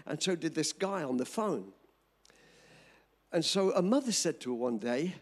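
An older man preaching a storytelling sermon to a live audience, animated and emphatic, speaking directly to the crowd. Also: a little high, moderate pace, pauses often, slightly rough.

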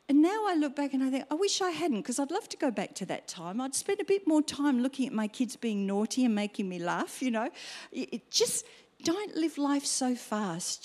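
A middle-aged woman preaching a sermon, acting out her own exclamations in an animated way. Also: high voice. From Australia.

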